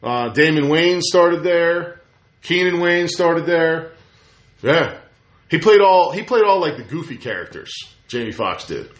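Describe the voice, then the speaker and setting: A man chatting casually as a podcast host, telling stories with lively acted-out quotes. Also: fairly high pitch, measured pace. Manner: animated storyteller, acts out quotes. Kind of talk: casual chat. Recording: roomy echo.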